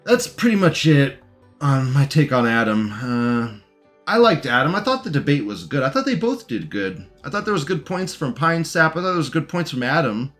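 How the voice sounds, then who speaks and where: Brief: male commentator, mid-pitched, sarcastic and teasing, reacting to a clip. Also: big pitch swings, normal speed, fairly bright tone, soft background music. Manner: mocking, talks back to the clip. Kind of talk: casual commentary.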